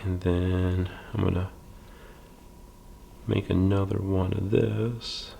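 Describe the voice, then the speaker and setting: A man with a deep, gravelly voice leads a slow, patient drawing lesson. He speaks low and flat, with many pauses and fillers, and sometimes drops to a soft half-whisper as he draws. A faint hiss of background noise sits under his voice. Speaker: library drawing instructor.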